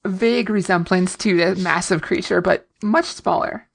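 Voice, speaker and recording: A woman's voice: lowish voice, moderate pace, vocal fry. A woman co-hosting a podcast, chatting casually about a TV episode and laughing often. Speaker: podcast co-host. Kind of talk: casual episode recap chat.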